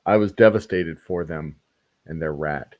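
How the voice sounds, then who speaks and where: A man's voice: a bass voice, measured pace, darkish tone, no echo. A man hosting a podcast in casual chat, rambling and joking, often correcting himself mid-sentence. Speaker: podcast host and whiskey maker.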